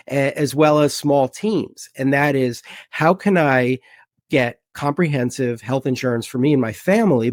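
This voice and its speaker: Man, interview guest, middle pitch, earnest, some false starts, dry close sound. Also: no room sound. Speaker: guest, health insurance provider. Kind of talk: casual interview.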